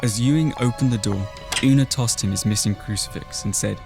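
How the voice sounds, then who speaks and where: A man with an English received pronunciation accent, reading narration in a measured, deliberate way and chatting about his reads, recorded in a closet. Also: on the low side, creaky, a little mellow, slightly rough, faint music behind. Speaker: narrator and voice actor. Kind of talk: audiobook-style narration and casual chat.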